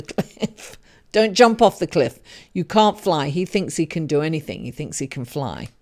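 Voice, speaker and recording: Chatty woman reading tarot, says darling. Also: fairly low pitch. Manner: chatty and animated, laughs often, calls the listener darling. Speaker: astrologer giving a tarot reading. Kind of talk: casual spoken tarot reading to camera.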